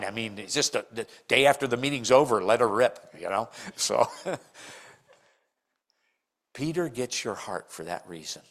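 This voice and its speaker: An older man preaching a sermon in church, telling stories and acting out the people he quotes with big jumps in his voice. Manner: animated storytelling, acts out quotes with big pitch jumps.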